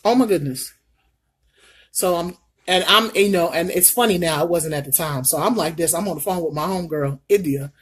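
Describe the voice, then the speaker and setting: A middle-aged woman vlogging her makeup routine while telling a story in an animated, folksy way. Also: fairly low pitch, fairly quick, husky. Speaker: beauty vlogger. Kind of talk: casual makeup vlog storytelling.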